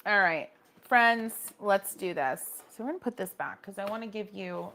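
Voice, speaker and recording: A woman's voice: fairly low pitch, animated, normal speed, pushed and bright, a little hiss or hum. A woman hosting a casual painting livestream, chatting with viewers and reacting to their comments, often restarting her sentences.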